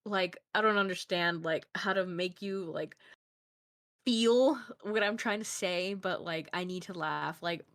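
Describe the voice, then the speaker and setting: A woman's voice: fairly low pitch, measured pace, fairly bright tone. A woman streamer chatting as a guest in an interview, rambling and giggly with lots of filler words. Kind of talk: casual interview chat.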